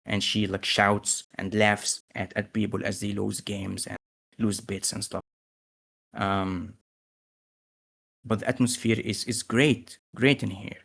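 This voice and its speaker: A man with a gravelly voice narrating as game master, hesitant with many fillers. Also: lowish voice, little pitch movement, takes it slowly, fairly bright tone.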